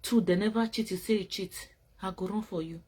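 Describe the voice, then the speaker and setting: A woman's voice: mid-range voice, steady tone, brisk, mellow, breathy edge. A woman hosting a casual commentary show, talking bluntly and scolding in repeated phrases. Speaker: show host.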